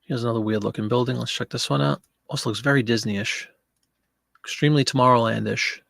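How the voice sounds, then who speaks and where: A man's voice: medium pitch, fairly even intonation, brisk, creaky, a bit bright, dry recording. A man hosting a casual live-stream from home, chatting to viewers and cooing at his pet, into a desk microphone. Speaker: online seller hosting a live listing show.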